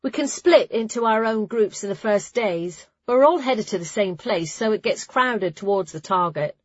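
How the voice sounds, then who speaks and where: A woman's voice: mid-range voice, lively intonation, normal speed, dry recording, muffled recording, lightly acted. A woman voicing a practical young novice girl who explains plainly. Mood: explaining.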